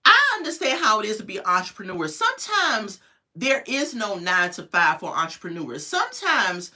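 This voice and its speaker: A woman's voice: medium pitch, normal speed. A woman reviewing a reality show in casual, sassy commentary, acting out what people said. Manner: animated, sassy, acts out quotes.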